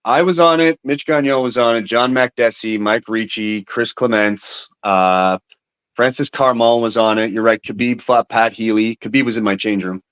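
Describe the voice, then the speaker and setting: A man's voice: medium pitch, moderate pace, a bit bright, smooth, no echo. A man in his thirties, a fighter giving a candid, rambling interview full of swearing and fillers. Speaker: MMA fighter, interview guest. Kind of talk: casual interview talk. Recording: dry, dull lo-fi sound.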